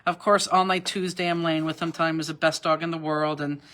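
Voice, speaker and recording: A woman's voice: low voice, little pitch movement, fast talker, a bit bright. Chatty woman hosting a craft class. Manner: rambling, chatty, emotional, with frequent fillers and restarts. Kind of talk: live online craft class with chatty storytelling. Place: warehouse workspace.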